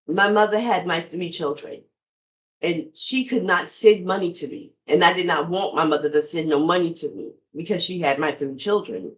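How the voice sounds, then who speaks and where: Speaking straight to her listeners, a middle-aged podcast host tells a personal story conversationally. Her voice leans low, and the audio is rough.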